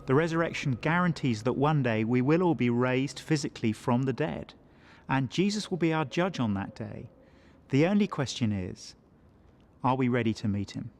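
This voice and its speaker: A man, a pastor, giving a scripted Bible teaching talk in an earnest, measured way with dramatic pauses. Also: mid-range voice, lively intonation.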